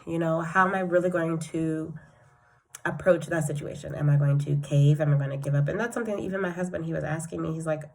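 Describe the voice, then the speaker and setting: A young woman recording a personal diary vlog, rambling and reflective, softly earnest and often trailing off as she talks to herself. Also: low-pitched, quick pace, gravelly. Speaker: vlogger.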